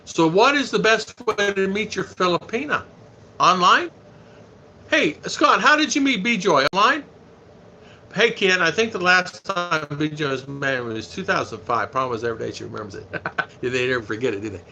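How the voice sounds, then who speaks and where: Bright-voiced chatty American man. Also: high voice, lively intonation, moderate pace, creaky, a little hiss or hum. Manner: chatty, folksy, reads viewer comments aloud. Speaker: live stream host. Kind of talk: casual live stream chat.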